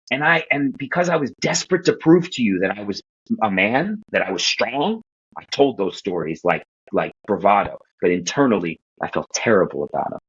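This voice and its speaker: A man from Queens, New York, telling stories as a podcast guest in animated, casual talk, swearing and acting out what people said. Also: medium pitch, husky, muffled recording. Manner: animated, profane, acts out quoted voices. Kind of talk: casual storytelling chat.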